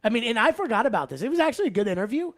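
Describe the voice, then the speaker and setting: Energetic male sports radio host. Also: very high voice. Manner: energetic, shifts from loud openings to quick asides.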